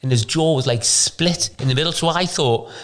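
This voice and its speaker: A man's voice: fairly high pitch, normal speed. A middle-aged man, a former footballer, co-hosting a podcast and recounting dressing-room stories with plenty of laughter. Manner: laughing, chatty, acts out quotes in a raised voice. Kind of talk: casual storytelling chat.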